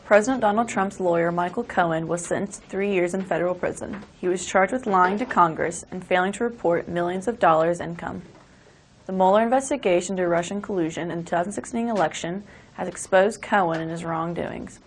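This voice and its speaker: A woman's voice: on the low side, fairly quick, slight background noise. A teenage girl from Ohio reading news headlines for a school newscast. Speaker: student news anchor.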